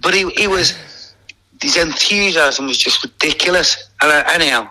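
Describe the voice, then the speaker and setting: A man's voice: fairly high pitch, moderate pace, sharp tone, poor audio. A man, a former footballer telling anecdotes in a casual podcast interview, chatty and laughing often.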